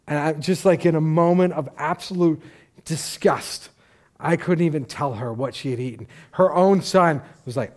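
Lively storytelling male pastor. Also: fairly high pitch, normal speed. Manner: conversational, animated storytelling with asides. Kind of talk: sermon with storytelling.

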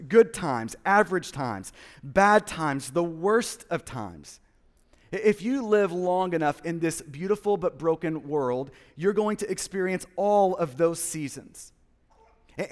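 A man's voice: high-pitched, long reverb tail. A man in his thirties preaching a sermon, earnest, often repeating words and restarting. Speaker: pastor.

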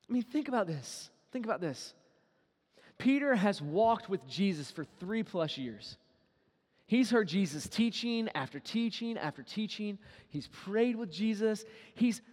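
A man preaching a sermon in a high, bright register. He moves between near-shouted lines and quiet, close asides. The hall adds a long reverb tail. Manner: animated, swings between loud acted quotes and hushed intimate asides. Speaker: pastor.

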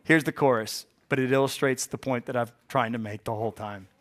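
A man in his forties, hoarse from a bout of bronchitis, preaches to his congregation. He mixes playful asides with loud, emphatic peaks. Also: medium pitch, steady tone, brisk. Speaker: pastor. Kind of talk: sermon.

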